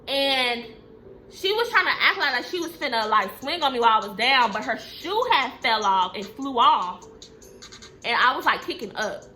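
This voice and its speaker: Bright, high-voiced Texan woman vlogger. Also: normal speed, faint music behind. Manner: blunt, profane, animated storytelling. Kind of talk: storytime vlog.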